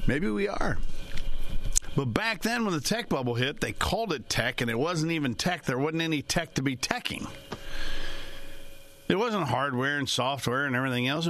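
A man's voice: medium pitch, a bit bright, slight background noise. A man in financial services giving a casual, rambling talk to his listeners, folksy in manner and chuckling often.

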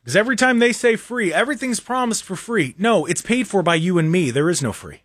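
A young American man hosts his radio talk show. He rambles along with sarcastic, mocking jabs, his voice a touch high. The studio sound is close and dry. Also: animated, brisk, a bit bright, dry recording. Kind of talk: casual opinionated talk radio monologue. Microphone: studio microphone.

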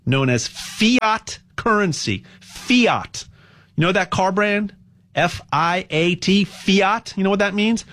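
A man hosting a show, talking in a rambling, impassioned monologue with a sales pitch and lots of stammered restarts. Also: a bit bright. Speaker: radio show host.

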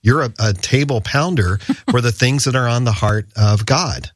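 A man's voice: medium pitch, moderate pace, dry recording, studio quality. A man from the radio station speaking on air, enthusiastic and a little rambling as he praises the host. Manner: enthusiastic, rambling, laughs often. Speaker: radio station staff guest.

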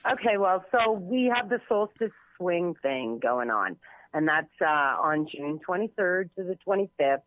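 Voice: mid-range voice, lively intonation, measured pace, dry recording. An event organizer calling in as a guest, talking in a friendly, chatty way. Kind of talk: phone interview. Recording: dull lo-fi phone line.

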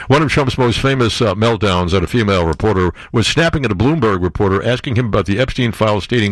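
A man's voice: on the low side, animated, fast, hardly any pauses, no echo. A man casually reading political news aloud and mocking it, with fillers, sarcastic jokes and mock outrage. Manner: sarcastic, jokey asides, frequent fillers; swings between mock outrage and mutters. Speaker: commentary host.

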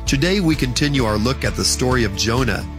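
A man announcing a radio program, reading a smooth, scripted introduction. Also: mid-range voice, lively intonation, brisk. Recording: radio broadcast over music.

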